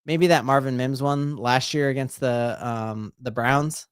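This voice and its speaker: A man hosting a live play-by-play watch-along as a sports fan, excitable and breaking into shouted exclamations, rambling and restarting his sentences. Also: medium pitch, unhurried, smooth, no room sound, clean studio sound. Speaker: sports fan stream host.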